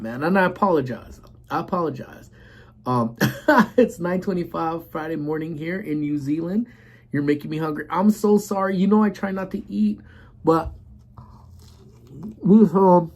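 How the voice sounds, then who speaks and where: A man in his forties hosting a casual live stream, rambling and greeting viewers while eating. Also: on the high side.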